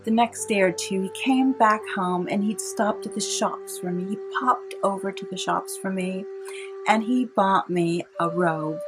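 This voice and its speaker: A woman from California, a vlogger telling a personal story in a chatty way and laughing often. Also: mid-range voice. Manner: chatty, warm-hearted, laughs often, dramatizes quotes. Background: soft instrumental music.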